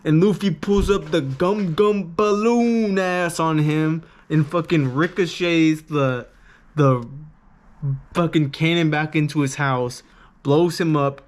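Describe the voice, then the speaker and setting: A man's voice: on the high side, slow. Profane, rambling young man. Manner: rambling, profane, laid-back. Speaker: manga reviewer. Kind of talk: casual manga review.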